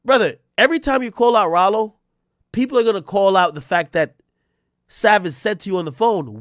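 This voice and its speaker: A man's voice: sits high, sing-song, normal speed, no echo, studio quality. A man giving blunt, ranting reaction commentary on a livestream, swearing and talking straight at the person he is discussing. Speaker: streamer and commentator.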